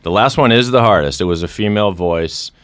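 A man's voice: lowish voice, fairly quick, a bit bright, slight background noise. A man hosting a podcast, running a quiz game with playful game-show patter. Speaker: podcast host. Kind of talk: casual quiz-game banter.

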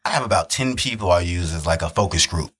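A low, husky-voiced man co-hosting a podcast, laid-back and teasing. His pitch swings widely as he banters, dry jokes dropped in a relaxed drawl. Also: fast. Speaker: podcast co-host.

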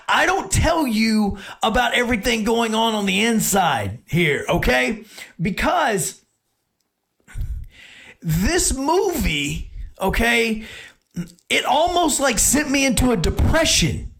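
A man's voice: sits high, a bit bright. An adult man hosting a sports talk show, telling a rambling story in a casual monologue with many restarts.

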